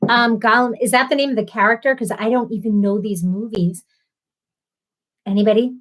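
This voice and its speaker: A woman's voice: a little high, moderate pace, a bit bright. A woman hosting a casual live stream, chatting and laughing as she answers viewers by name. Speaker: livestream host.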